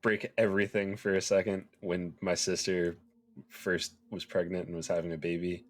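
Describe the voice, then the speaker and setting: A man's voice: deep voice, level tone, moderate pace. A man playing in a tabletop game, chatty, telling a family anecdote with a laugh. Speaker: player. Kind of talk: casual chat.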